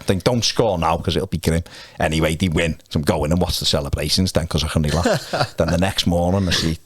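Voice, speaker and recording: A man's voice: sits low, dry recording. A man chatting casually as a podcast guest, telling stories and chuckling often. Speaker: podcast guest, fan channel presenter. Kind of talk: casual chat and anecdotes.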